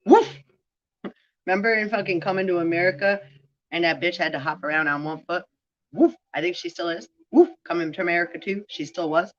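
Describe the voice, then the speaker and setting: A woman's voice: fairly low pitch, fairly bright tone, muffled recording. A woman vlogging a rambling spiritual monologue, profane and full of free-associating word play.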